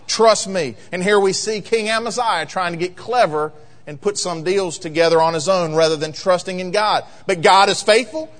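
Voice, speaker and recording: A man preaching a sermon as pastor, emphatic and rising to loud peaks in a church sanctuary. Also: sits high, normal speed. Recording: long reverb of a large hall.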